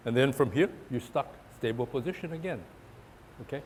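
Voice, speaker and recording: A man's voice: medium pitch, animated, fairly quick, a little mellow, slight background noise. A man teaching a tai chi class, explaining and demonstrating moves, often repeating words and restarting his sentences.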